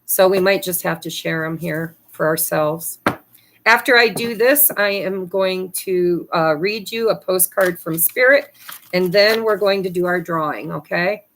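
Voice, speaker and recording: A woman's voice: on the low side, unhurried, fairly bright tone, a little hiss or hum. A woman hosting a casual tarot card reading for her viewers, cheeky and laughing often, swearing freely. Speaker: tarot reader.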